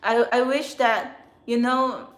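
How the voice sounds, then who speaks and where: A woman, a spiritual channeler, venting in an emotional, agitated monologue outdoors in a city, swearing often and swinging between quiet and loud. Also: fairly high pitch, fairly even intonation, slow, roomy sound. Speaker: spiritual channeler and tarot reader.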